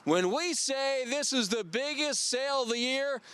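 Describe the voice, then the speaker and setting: A man hosting a car commercial, booming like an announcer as he talks to the ladies and gentlemen watching. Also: lively intonation, a little slow, smooth. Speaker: commercial host. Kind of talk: broadcast sales pitch.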